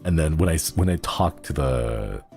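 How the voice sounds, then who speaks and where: A young man with a very deep voice chatting casually on a livestream, rambling and giggling as he jumps between thoughts. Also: lively intonation, moderate pace, vocal fry, darkish tone, faint music behind. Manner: rambling, giggly, easily sidetracked. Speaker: streamer.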